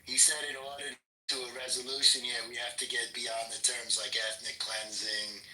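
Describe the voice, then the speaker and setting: A man of middling pitch speaks in short, even-tempered interjections, his tone bright and cutting. He sounds far from the mic, in an echoing room. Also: normal speed. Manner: calm, brief interjections, unmoved by insults. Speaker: debate opponent. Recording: roomy echo, distant mic.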